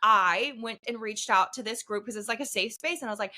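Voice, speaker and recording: A woman in her thirties co-hosting a podcast in casual chat, telling stories with lively acted-out quotes. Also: a little high, brisk. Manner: animated storytelling, acts out quotes. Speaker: podcast co-host.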